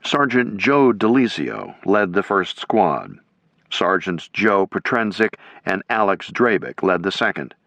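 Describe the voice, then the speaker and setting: A man reading a military history audiobook in steady, measured scripted narration. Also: low-pitched, dry recording. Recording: dull lo-fi.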